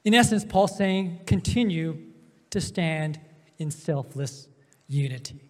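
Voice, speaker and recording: High-voiced pastor in an echoing hall. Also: male voice, animated. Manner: emphatic, with drawn-out pauses and swings in loudness. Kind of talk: sermon. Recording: long hall reverb.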